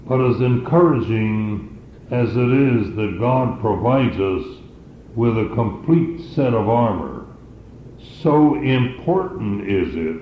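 A man preaching a sermon, teaching scripture in a slow, deliberate way. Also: lowish voice, lively intonation, reverberant, dull audio, slight background noise.

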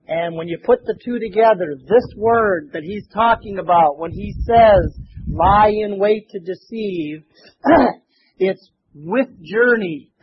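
A man's voice: high-pitched, breathy edge, phone-quality sound. A man preaching a rambling, folksy sermon full of restarts. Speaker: pastor.

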